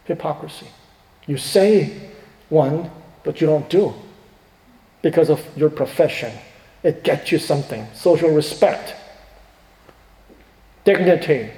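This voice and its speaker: A middle-aged man, a pastor, preaching a sermon with emphatic swings between hushed and rising delivery. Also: fairly high pitch, slow pace, long pauses. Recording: echoey hall with long reverb.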